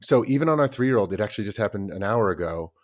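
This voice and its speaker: A man's voice: lowish voice, quick pace. A man in his thirties, a podcast co-host chatting casually and acting out his children's voices as he tells stories. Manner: animated storyteller, acts out his kids' voices. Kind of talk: casual chat.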